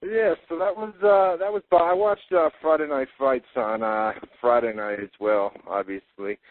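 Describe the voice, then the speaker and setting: A man's voice: mid-range voice, fairly even intonation, normal speed, no room sound. A man hosting a radio fight-talk show, recapping events in casual chat with frequent "uh" fillers. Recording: tinny phone-like dry audio.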